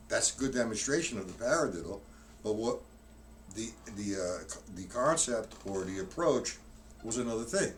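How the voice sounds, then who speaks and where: A man with a mid-range voice teaches a live-streamed drum lesson, counting strokes aloud and explaining technique in a rambling way with many restarts. He's in a room with drums, and the distant mic picks up loud drum hits and slight background noise.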